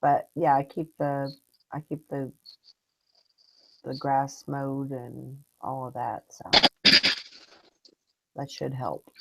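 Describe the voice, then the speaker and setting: A woman hosts a morning online video hangout, chatting casually and telling rambling stories full of restarts. Her voice is rumbling and low with a dark tone and vocal fry, and she speaks slowly and flatly, pausing often. A faint hiss or hum sits under the audio.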